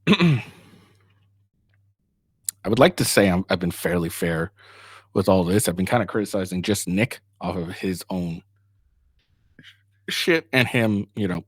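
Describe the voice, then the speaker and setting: Man, low voice, lively swings in pitch, rambling commentary, swears a lot, dry close sound. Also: husky, dry recording. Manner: rambling, swears freely, many fillers and restarts; mocking when paraphrasing others. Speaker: online commentator.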